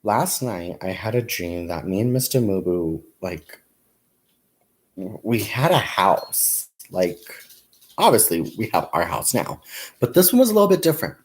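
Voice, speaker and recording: A man's voice: fairly low pitch, big pitch swings, unhurried. A young man hosting a casual crafting livestream, telling stories with lots of laughs, talking to his viewers as "you guys" and "y'all", and counting stitches aloud as he crochets. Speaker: crafting channel host.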